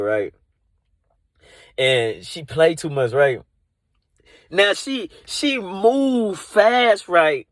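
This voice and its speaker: A man's voice: high-pitched, dry recording. Rambling man improvising comedy in a car. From Dallas area. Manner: rambling, loaded with "you know" and "like". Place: inside a car.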